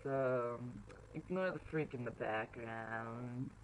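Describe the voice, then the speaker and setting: A young woman talking casually to her webcam through a female-to-male voice changer, self-consciously trying out deeper voices. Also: slow, a little hiss or hum. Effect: voice changer set female to male. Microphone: webcam mic. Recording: muffled webcam recording.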